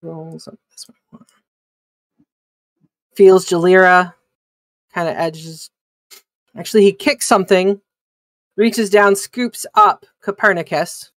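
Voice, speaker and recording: A man running a tabletop game as game master, narrating the action in a halting way with many fillers and restarts. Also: high-pitched, steady tone, a bit bright, no room sound, clean studio sound.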